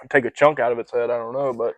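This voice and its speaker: A young man co-hosting a podcast in casual chat, telling stories with lots of swearing and throat-clearing. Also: mid-range voice, flat delivery, fast talker, no room sound, low-quality recording. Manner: profane storytelling, clears throat often. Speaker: podcast co-host.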